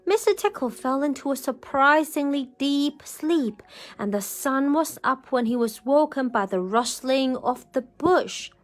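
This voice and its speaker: A woman reading a children's picture book aloud, animated and expressive, pausing to ask her young listeners questions. Her voice is fairly high and lively in pitch, and her pace is slow and deliberate. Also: soft background music. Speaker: children's storyteller.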